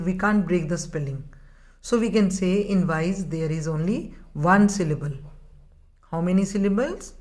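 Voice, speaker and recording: A woman teaching children grammar. She speaks at a very unhurried pace and stresses and repeats each key word. Her voice sits at an ordinary middle pitch. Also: a little mellow. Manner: slow, deliberate explaining, repeating key words. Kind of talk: classroom grammar lesson.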